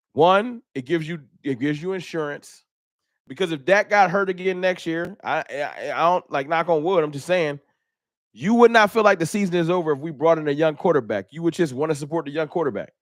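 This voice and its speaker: A man's voice: on the high side, brisk, dry recording, clean studio sound. A man hosting a fan live stream, chatting casually and animatedly, joking and laughing at his own bits.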